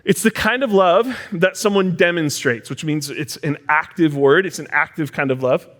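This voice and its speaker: A man's voice: a little high, moderate pace, a bit bright. A young man preaching a sermon in a casual, joking, teacher-like way. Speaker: pastor.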